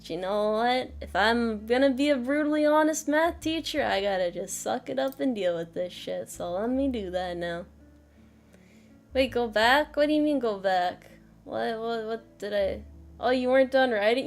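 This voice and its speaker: A woman's voice: fairly high pitch, normal speed, faint music behind. A woman streaming a casual math lesson, joking at her own expense, laughing often and swearing casually.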